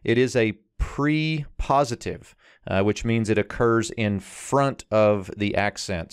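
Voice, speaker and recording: A man walks through the grammar of an ancient verse in a lower, smooth, resonant voice. He is recorded dry and close, with no room sound. He explains steadily, slows down to read phrases aloud, and fills pauses with an occasional "uh.". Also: no echo. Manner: explanatory, with frequent "uh" fillers and slowed readings of Hebrew. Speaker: Hebrew teacher.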